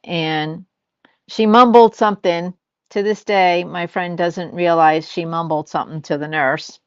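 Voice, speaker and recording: A woman's voice: lowish voice, fairly even intonation, measured pace, smooth, no room sound, lo-fi sound. An older woman chatting casually as a host, telling family stories and acting out what people said. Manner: storytelling, acts out quoted lines. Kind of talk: casual chat.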